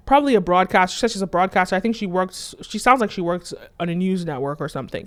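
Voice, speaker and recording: A woman's voice: medium pitch, animated, fast, hardly any pauses. A woman hosting her channel, explaining things in casual commentary and leaning on filler words like "right?" and "like". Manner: conversational, leans on "right?" and "like". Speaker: channel host.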